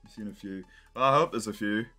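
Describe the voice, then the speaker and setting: A man's voice: on the low side, quick pace, sharp tone, soft background music. A young man reacting on a live stream, exasperated and swearing as he thinks aloud.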